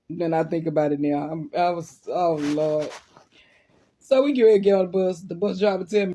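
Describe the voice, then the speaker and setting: Husky, animated woman telling a story. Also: medium pitch, normal speed. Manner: animated, laughing, vivid sound effects. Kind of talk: casual storytelling.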